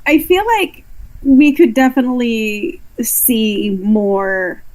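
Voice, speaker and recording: A woman voice actor with a high voice, chatting as a guest on a stream. She speaks with enthusiasm and strong opinions, and is quick to agree. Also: very animated, a little mellow. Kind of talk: casual interview chat.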